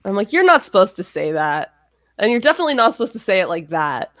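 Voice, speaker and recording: A woman's voice: medium pitch, sing-song, fast talker, a bit bright, dry recording, clean studio sound. A young woman co-hosting and editing a podcast, chatting casually with wry, opinionated asides. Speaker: podcast co-host and editor. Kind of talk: casual chat.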